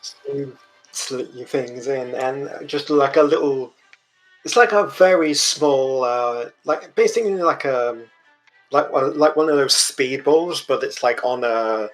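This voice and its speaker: A man narrating a tabletop game as game master, halting and searching for words as he describes things. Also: mid-range voice, fairly bright tone, faint music behind, rough recording.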